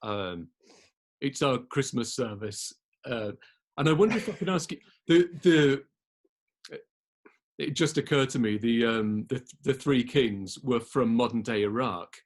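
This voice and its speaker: A man interviewing a guest, asking long questions in a halting way and searching for words as he goes. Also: mid-range voice, expressive. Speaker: interviewer, college chaplain.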